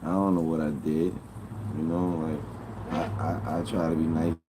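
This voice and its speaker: A man's voice: rumbling low, flat delivery, moderate pace, noisy background. A man livestreaming to his viewers, rambling in an aggrieved way and swearing a lot. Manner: aggrieved, rambling and heavily profane. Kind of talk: casual livestream chatter to viewers.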